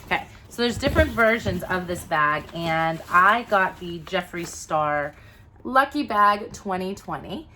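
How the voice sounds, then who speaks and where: Gushing excitable mom vlogger woman. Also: fairly low pitch, a little slow, a little hiss or hum. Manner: gushing, excitable, gasps and squeals. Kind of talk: casual unboxing vlog.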